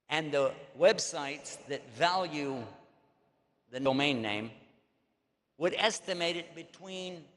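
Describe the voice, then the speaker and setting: An older man with a Texan accent, telling stories in a folksy, joking way to an audience as an Islamic preacher. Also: a little high. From Texas. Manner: folksy, joking, drawling asides. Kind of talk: storytelling lecture to an audience. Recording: long echo of a large hall.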